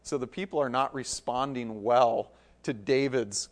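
A man reading a scripture passage aloud in a measured way, adding casual asides of commentary. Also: medium pitch. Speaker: Bible teacher.

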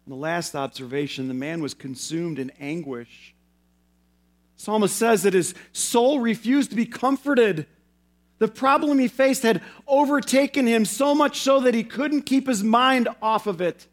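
A male pastor preaching a sermon in an earnest way, slowing down and repeating phrases for emphasis. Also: sits high.

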